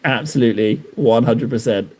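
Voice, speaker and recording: A young man with a mid-range, slightly dark voice talks at a moderate pace to his live-stream viewers while painting miniatures. He chats casually with them, rambling and making fun of himself as he works.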